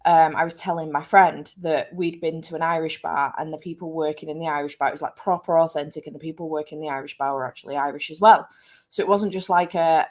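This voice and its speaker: A young woman, chatting casually with live viewers, swearing freely and poking fun at herself. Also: low voice. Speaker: book channel host.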